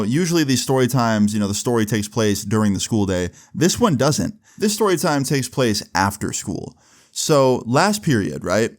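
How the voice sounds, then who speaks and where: A young man in his twenties casually narrating a storytime with lots of fillers and "right?" check-ins. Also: lowish voice. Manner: relaxed, filler-heavy, keeps checking in with "right?". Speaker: YouTuber telling a story.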